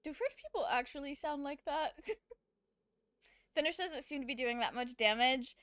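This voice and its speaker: A woman's voice: sits high, moderate pace, a bit bright, dry recording. A woman live-streaming a video game, giving casual, playful, giggly commentary at a home setup.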